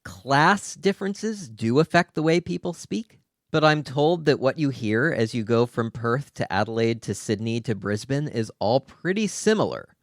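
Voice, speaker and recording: A man's voice: mid-range voice, animated, normal speed, no room sound, clean studio sound. An American man hosting a casual discussion, asking long, articulate questions. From United States. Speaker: host.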